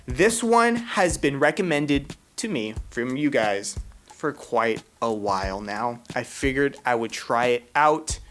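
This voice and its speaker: A woman hosting a casual unboxing vlog about manga, excitable and exclamatory, with slangy chat to her viewers. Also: a bass voice, slow, soft background music. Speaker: manga reviewer.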